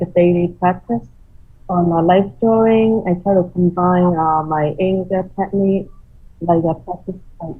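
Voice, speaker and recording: A woman thanking everyone for her award on a video call, speaking haltingly with many fillers. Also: medium pitch, slightly rough, recorded from a distance. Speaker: award winner. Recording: tinny phone-like call audio from afar.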